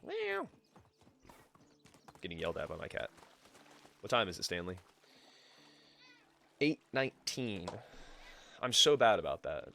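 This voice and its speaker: A man's voice: deep voice, expressive, moderate pace, vocal fry, long pauses, bright, forceful tone, slight background noise. A man streaming a game live, swearing freely and chatting with his viewers and his cat. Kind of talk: live gameplay commentary.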